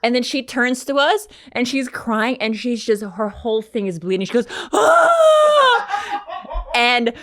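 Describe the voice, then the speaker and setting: A woman's voice: fairly high pitch, steady tone, normal speed, hardly any pauses, a bit bright, dry recording. A woman in her thirties co-hosting a podcast, telling a story in rambling casual chat, full of ums and swearing. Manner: rambling, hesitant with many ums, swears freely. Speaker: podcast co-host.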